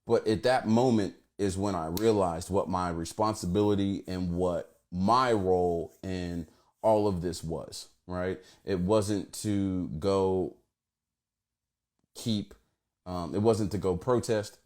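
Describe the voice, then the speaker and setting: Man, lower pitch, casual livestream storyteller, halting and full of fillers. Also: steady tone, darkish tone. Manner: rambling, many fillers and restarts. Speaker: organization founder. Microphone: phone camera.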